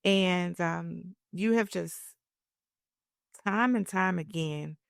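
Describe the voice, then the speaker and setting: A woman's voice: fairly low pitch, slow pace, gravelly, smooth, dry recording, clean studio sound. A woman hosting a podcast, speaking in an emotional, encouraging, almost preacherly way. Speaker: podcast host. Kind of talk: heartfelt podcast conversation.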